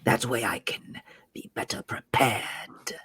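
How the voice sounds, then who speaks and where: Menacing snake-man villain, male, breathy snarling whisper, put on by a man. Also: medium pitch, slow pace, sharp tone, no echo, full character voice. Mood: cold. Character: male serpent-man agent, menacing and cold.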